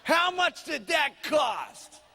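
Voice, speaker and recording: A loud, negative male auto mechanic rants in disbelief at his wife's purchase, voiced by a man. He shouts in a high, forceful register, stretching the words slowly. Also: sing-song, vocal fry, some chatter behind, a little hiss or hum, full character voice. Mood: incredulous. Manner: shouting, incredulous.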